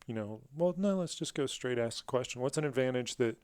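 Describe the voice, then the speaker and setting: A man hosting a podcast, asking parenting questions in a relaxed, conversational way. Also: medium pitch, a little fast, clean tone, no room sound. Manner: relaxed, conversational, says "dude". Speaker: podcast host. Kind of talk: casual interview chat.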